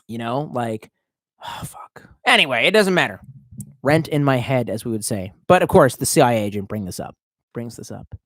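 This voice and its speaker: A man's voice: mid-range voice, expressive, a little fast, fairly bright tone, no echo. A tipsy man streaming live, reading out chat and rambling in a profane, off-the-cuff way. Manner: profane, rambling, swerving between mumbles and outbursts.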